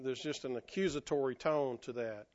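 A male pastor preaching a sermon in an animated, folksy way, acting out the voices he quotes and getting over an illness that makes him cough. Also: mid-range voice, moderate pace, lo-fi sound.

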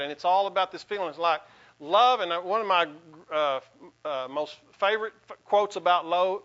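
A man's voice: high-pitched, pushed and bright, highs cut off. A male pastor giving a sermon in an earnest, conversational way, with a folksy sense of humor.

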